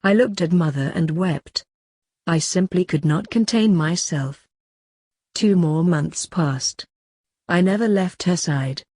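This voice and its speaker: A woman narrating a saint's autobiography as an audiobook, in a calm, earnest and measured reading. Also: on the low side, slightly rough, no room sound, clean studio sound.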